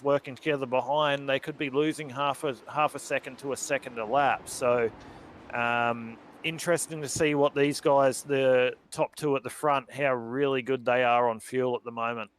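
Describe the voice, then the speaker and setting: A man commentating a sim racing event who gets loud and excited during close battles. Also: medium pitch. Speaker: race commentator.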